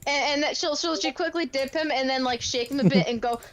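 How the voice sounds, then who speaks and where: A woman playing a tabletop game, her voice a little high. She lays out her character's actions in a loose, rambling way, strung together with "like". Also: fairly quick, slight background noise. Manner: rambling, lots of "like". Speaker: player. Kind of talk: casual tabletop game chat.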